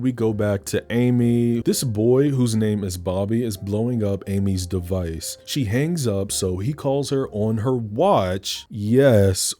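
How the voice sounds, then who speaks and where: Sassy man recapping a film, mellow voice. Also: fairly low pitch, no room sound. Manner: sassy and campy. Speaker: video essay host.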